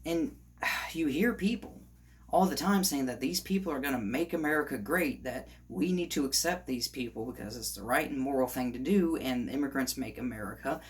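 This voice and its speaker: A man giving a heated opinion monologue on his vlog, ranting and sometimes rising to shouts. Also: medium pitch, lively intonation, brisk, a little hiss or hum. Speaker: commentator.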